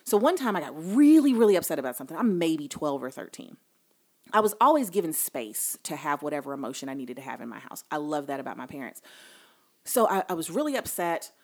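A woman's voice: low voice, big pitch swings, fast talker. A woman in casual conversation, telling stories in an earnest, emphatic way.

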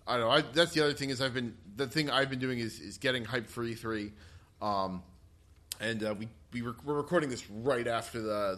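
A man's voice: lowish voice, a bit bright. A man co-hosting a casual gaming podcast, rambling with many fillers and restarts. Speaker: podcast co-host.

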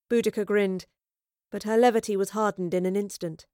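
A woman narrating a storybook reading in a steady, even way. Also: medium pitch, a little fast, no echo, clean studio sound.

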